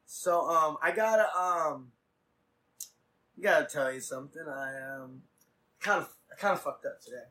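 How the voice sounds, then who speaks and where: A man hosts a casual podcast, spinning a rambling, profane story in quick bursts. His voice sits a little high and has a bright, forceful edge. He sounds set back from the mic. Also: distant mic, low-quality recording. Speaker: podcast host.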